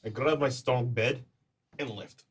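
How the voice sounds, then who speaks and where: A man's voice: medium pitch, a little slow, slight background noise. A man playing a tabletop game, jokey and exclamatory. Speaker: player. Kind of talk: casual tabletop play.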